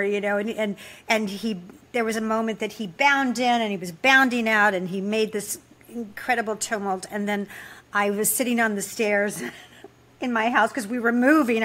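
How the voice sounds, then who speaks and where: A woman's voice: a little high, fairly bright tone. A woman co-hosting a podcast, telling a story in a rambling, conversational way, full of restarts and "you know.". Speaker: podcast co-host. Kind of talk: casual conversational interview.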